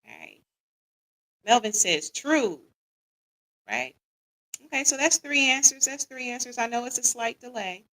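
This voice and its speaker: A woman's voice: fairly high pitch, animated, measured pace, long pauses, pushed and bright, poor audio. Chatty woman podcast host quizzing listeners. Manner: chatty, reads audience comments aloud, quizzes listeners. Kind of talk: casual live-stream chat.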